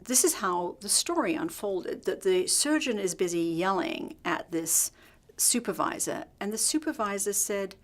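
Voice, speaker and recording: A middle-aged woman teaching leadership through a hospital story, telling it in a lively way and acting out the dialogue. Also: medium pitch, a little slow. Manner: lively, acts out quoted dialogue. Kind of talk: storytelling workshop talk.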